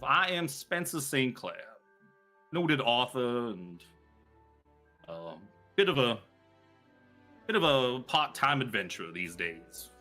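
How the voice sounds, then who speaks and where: A man's voice: medium pitch, sharp tone, heavily acted. A man voicing a courtly, long-winded male author and part-time adventurer who talks in polite, flowery speech.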